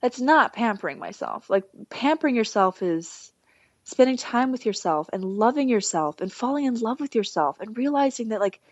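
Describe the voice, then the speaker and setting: A woman's voice: fairly high pitch, lively intonation, no room sound, muffled recording. A woman talking casually as a podcast guest, chatty and full of fillers and restarts. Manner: chatty, lots of "like" and "you know", quick restarts. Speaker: healer, guest.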